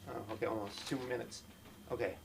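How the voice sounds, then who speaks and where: A middle-aged man doing a stand-up set at an open mic in a small comedy club, with a halting, self-deprecating delivery full of restarts. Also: lowish voice, fairly even intonation, gravelly, background noise.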